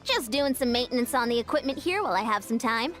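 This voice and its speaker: A woman voicing a young girl who works as a brisk, strict sports coach in a video game. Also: fairly high pitch, expressive, a bit bright. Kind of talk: game voice acting. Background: game music.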